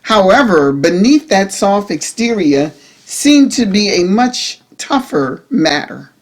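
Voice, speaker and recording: A woman narrating an audiobook in a measured, expressive reading style. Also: medium pitch.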